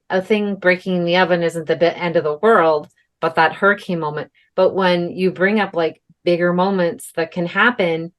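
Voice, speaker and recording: A young adult woman co-hosting a podcast, telling a story in a casual, chatty way with lots of fillers and the odd swear. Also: on the low side. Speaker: podcast co-host. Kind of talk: casual chat.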